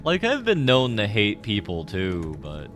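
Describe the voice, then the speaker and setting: A man's voice: lowish voice, wildly swooping pitch, a little slow, fairly bright tone, faint music behind. A man streaming a game, rambling and joking with his chat in casual commentary. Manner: rambling, jokey, talks to chat.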